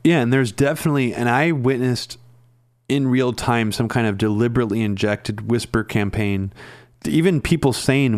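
Male co-host, mid-pitched, ranting and exasperated, dry close mic. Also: fairly even intonation, no room sound. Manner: ranting, exasperated, halting with fillers. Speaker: political commentary co-host. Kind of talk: casual political discussion.

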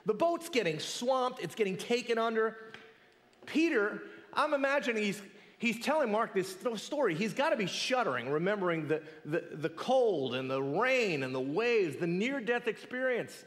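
A man's voice: high-pitched, normal speed, long reverb tail. A man preaching a sermon as pastor, asking rhetorical questions and dropping to a near whisper for emphasis. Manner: animated, rhetorical questions, drops to a hush for effect.

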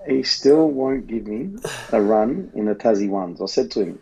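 A man's voice: lowish voice, expressive, moderate pace, hardly any pauses, warm tone, husky, lo-fi sound. An Australian man co-hosting a podcast in casual banter, rambling and swearing freely. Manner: rambling, swears freely, often says the co-host's name. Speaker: podcast co-host.

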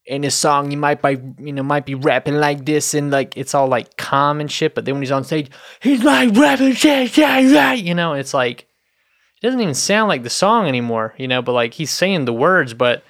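A man's voice: medium pitch, normal speed, a bit bright, no room sound, studio quality. A young man co-hosting a podcast, laid-back in casual chat, swearing casually. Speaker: podcast co-host.

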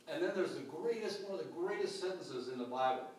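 A pastor preaching a sermon with dynamic swings between loud calls and hushed, quiet lines. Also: male voice, a little high, animated, fairly quick, far from the mic. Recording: echoey hall picked up from afar.

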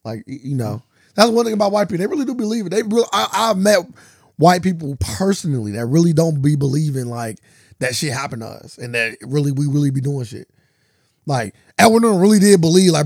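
A man co-hosting a podcast, talking fast in casual, joking chat. His voice has a gravelly edge, and the sound is dry and close to the mic. He often slips into animated retellings of scenes. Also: a little high, dry recording. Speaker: podcast co-host.

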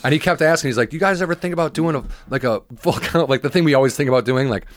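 Fast-talking, profane male comedian. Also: a little high. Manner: fast, profane, acts out voices in his stories. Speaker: podcast co-host and stand-up comedian. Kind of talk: casual storytelling chat.

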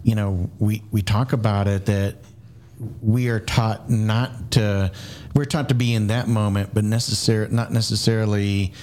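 Low-voiced man hosting a podcast. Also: steady tone, unhurried, darkish tone, a little hiss or hum. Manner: rambling, hesitant phrasing. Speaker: podcast host. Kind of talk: interview questions and reflection.

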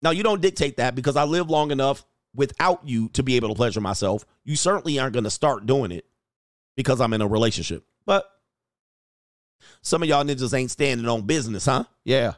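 A man's voice: mid-range voice, brisk, dry recording, clean studio sound. Blunt, preachy male coach. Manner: blunt, preachy and crude, with short punchy repeated phrases. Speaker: dating and life coach. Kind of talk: motivational monologue.

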